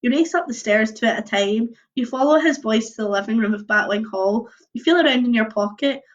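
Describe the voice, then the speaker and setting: A young woman reading a choose-your-own-adventure book aloud on a livestream, mixing lively narration with casual chatty asides. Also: on the high side, brisk. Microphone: computer or phone mic on a video stream. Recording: dull lo-fi livestream audio.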